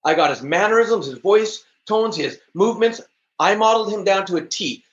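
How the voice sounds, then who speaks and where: A man in an interview, speaking with high energy and driving each point home. His voice sits a little high for a man. The recording is echoey and dull, with a lo-fi sound. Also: expressive, normal speed, fairly bright tone. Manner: high-energy, emphatic storytelling. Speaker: podcast guest, trainer. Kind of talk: interview conversation.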